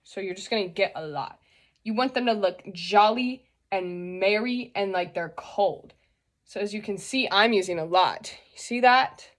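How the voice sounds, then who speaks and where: A woman's voice: mid-range voice, normal speed. A young woman hosting a casual makeup tutorial, chatty and joking as she explains each step.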